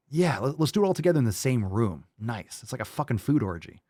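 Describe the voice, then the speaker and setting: A man's voice: mid-range voice, sing-song, fast, few pauses, darkish tone, no room sound, studio quality. A middle-aged man hosting a fitness show, reading viewer comments in a blunt, profane, mocking way. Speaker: fitness podcast host. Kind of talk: livestream chat reading comments.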